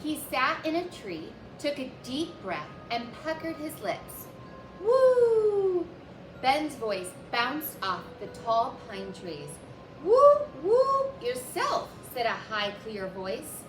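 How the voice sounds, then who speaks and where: A woman reads a children's picture book aloud slowly and gently, then walks young listeners through a craft. Her voice sits a little high, and it echoes around the room with music playing behind her. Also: animated. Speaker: children's librarian, story time host.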